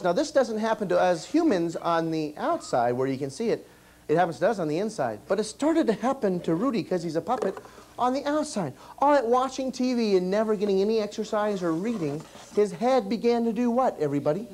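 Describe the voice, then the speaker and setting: Man, children's entertainer, live comic storytelling, animated, quizzes the audience, swooping pitch. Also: brisk.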